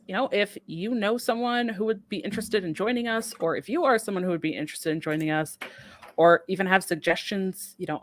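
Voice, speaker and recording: A woman's voice: on the low side, a little hiss or hum. A woman hosting a podcast, upbeat and gushing in casual chat, often laughing. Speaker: podcast host.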